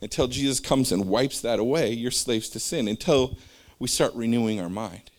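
A man of medium pitch and moderate pace gives a religious talk with an informal feel. He tends to ramble, skipping between personal stories and returning, and speaks conversationally with many fillers.

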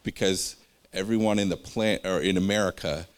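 A man's voice: deep voice, steady tone, moderate pace. A man giving an informal religious talk, wandering off into personal stories and back in a loose, conversational way. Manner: rambling, jumps between stories; conversational, with fillers.

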